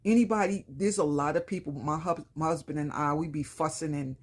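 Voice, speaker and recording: Talking a little fast in a low-pitched voice, this lifestyle vlogger from Brooklyn, New York, is in her fifties and has a rough, slightly raspy sound and a Brooklyn accent. She tells viewers about her shopping haul in a casual, slangy, plain-spoken way.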